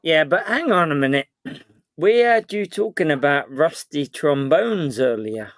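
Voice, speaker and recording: Slow-talking panelist, lively pitch, teasing casual chat, dry sound. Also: no echo. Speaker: livestream panel host.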